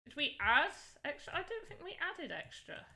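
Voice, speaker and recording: A woman's voice: high voice, very animated, normal speed, vocal fry, pushed and bright. A young woman chatting casually and rambling on a livestream while she works on voxel art. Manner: chatty, rambling, frequent "like" fillers. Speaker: streamer.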